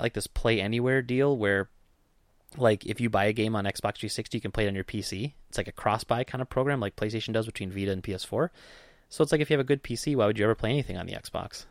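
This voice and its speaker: A man's voice: fairly low pitch, fast talker, no echo, studio quality. A man co-hosting a podcast, talking in a casual, rambling way with lots of fillers and jokes. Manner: rambling, filler-heavy, joking. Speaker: podcast co-host. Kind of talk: casual chat.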